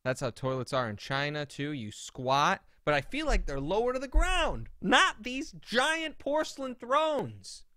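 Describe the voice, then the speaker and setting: A man's voice: high voice, measured pace, few pauses, no room sound, studio quality. A man co-hosting a podcast in casual chat, telling stories with indignation and acting out what people said. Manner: animated, indignant storyteller who acts out quotes. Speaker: podcast co-host.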